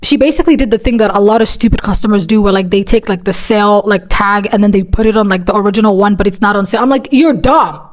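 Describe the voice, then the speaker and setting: A woman's voice: mid-range voice, fairly even intonation, very fast, few pauses. A young woman telling a storytime vlog in a rambling, chatty way, full of "like" and "right?", dramatic and swearing often. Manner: profane, dramatic. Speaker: vlogger.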